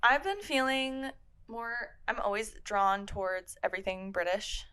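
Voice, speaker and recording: A young woman co-hosts a podcast in relaxed, casual chat. She talks in a chatty, animated way at a middle pitch and laughs easily. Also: measured pace, smooth. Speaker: podcast co-host.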